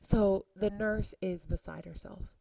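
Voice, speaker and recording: A woman's voice: mid-range voice, unhurried, gravelly, mellow, dry recording, recorded from a distance, poor audio. A woman teacher casually retelling a play scene, chatty with exclaimed asides to her students. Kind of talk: casual lesson summarizing a play.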